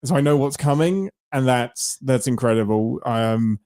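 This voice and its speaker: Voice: mid-range voice, unhurried, mellow. A podcast co-host in casual chat, teasing and swearing offhandedly.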